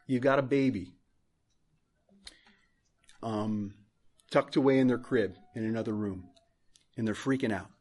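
A man's voice: medium pitch, a little slow, pauses often, darkish tone. A male pastor preaching a sermon in church, earnest, repeating phrases for emphasis.

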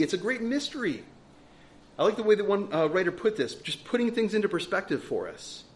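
Guy preaching a sermon, kinda high voice, really animated, keeps asking big questions. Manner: rhetorical questions, emphatic and earnest. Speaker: pastor.

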